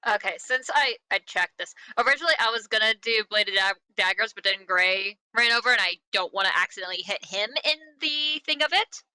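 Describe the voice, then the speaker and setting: A woman playing a tabletop game, animated and quick to cheer or curse at rolls. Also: mid-range voice, clean tone, dry recording. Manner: animated, swings into laughs and cheers. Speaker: player.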